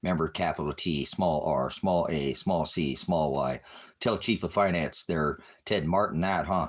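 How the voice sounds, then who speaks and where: A man ranting at his viewers on a livestream, cursing and taunting them, swinging between shouting and low muttering. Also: unhurried, slightly rough. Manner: angry, cursing, taunting, repeating insults. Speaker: ministry livestreamer. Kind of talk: profane livestream rant at viewers.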